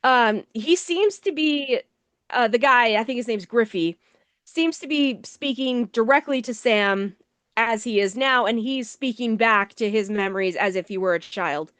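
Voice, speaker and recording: A woman's voice: fairly high pitch, unhurried, fairly bright tone, no room sound. A woman co-hosting a movie review show, recapping the plot in a casual, wry, sarcastic way. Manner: sarcastic, wry, swears offhandedly.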